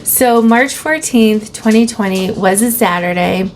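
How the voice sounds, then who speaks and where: A woman with a voice of ordinary pitch tells a story from her teaching life in a relaxed, conversational way, often slipping into the lines she and others said. A faint hiss sits under her voice. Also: a little slow. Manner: conversational, retelling dialogue in her own voice. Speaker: teacher and vlog host. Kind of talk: casual personal storytelling.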